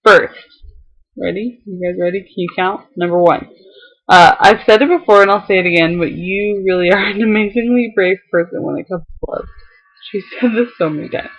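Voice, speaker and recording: On a casual vlog, a young woman reads a heartfelt letter aloud to her viewers, tearful and fighting back tears but laughing now and then between lines. Her mid-range voice moves at a normal speed, and the sound is lo-fi.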